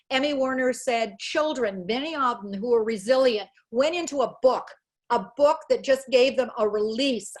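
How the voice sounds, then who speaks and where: Middle-aged female expert, webinar presenter, lively and quick, slightly high voice. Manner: energetic, quick bursts, animated quoted dialogue. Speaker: educational psychologist giving a webinar talk.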